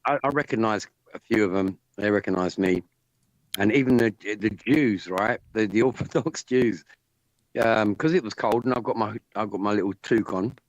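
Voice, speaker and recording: A man hosting a live stream and telling a story in a rambling, profane, animated way. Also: fairly low pitch, normal speed, no echo, low-quality recording. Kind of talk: casual chat.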